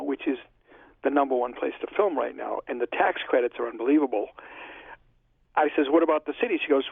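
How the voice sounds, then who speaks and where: A filmmaker being interviewed tells stories in a chatty way, acting out past conversations line by line. His mid-range voice is fast, gravelly, and breathy-edged, captured on a dry, phone-like line in this casual storytelling chat.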